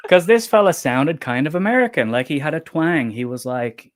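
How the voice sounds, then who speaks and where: This is an Irish man with a Dublin accent, chatting casually on a livestream. He tells stories in a lively way, laughs often and drops the odd swear word. His voice sits in an ordinary middle pitch. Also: normal speed. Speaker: book channel co-host.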